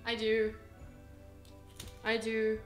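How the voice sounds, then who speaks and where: Chatty high-voiced woman streaming her cooking. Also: completely flat delivery, very slow, echoey room, faint music behind. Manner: chatty, self-teasing, giggly. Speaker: cooking livestreamer. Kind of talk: casual live cooking stream chat. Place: home kitchen.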